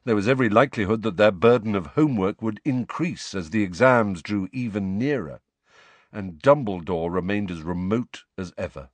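A man's voice: lowish voice, normal speed, no room sound. A man reading an audiobook in scripted narration, voicing each character.

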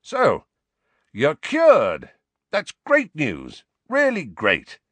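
A man voicing a proud, hot-tempered adult man in an audiobook, with a loud, defiant delivery. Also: fairly low pitch, expressive, measured pace, no room sound. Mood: forced cheer. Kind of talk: audiobook character voice.

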